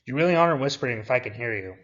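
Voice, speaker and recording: A man's voice: mid-range voice, expressive, rapid-fire, fairly bright tone, close to an everyday voice. A stern adult police officer, read by a man, dry and authoritative. The sound is muffled and lo-fi.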